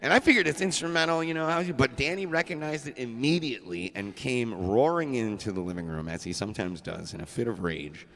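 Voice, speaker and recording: A man's voice: medium pitch, fairly quick, few pauses, a bit bright. A man hosting a casual live music show, telling stories in a loose, profane, laughing way. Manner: rambling, profane, laughing storyteller. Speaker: host.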